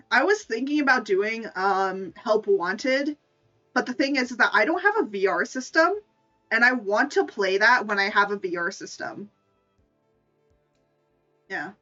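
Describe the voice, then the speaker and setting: In a medium-pitched, bright and forceful voice, a woman streamer talks casually with her viewers. Her chatter is giggly and stuffed with "like," captured by a distant, dull mic alongside faint music.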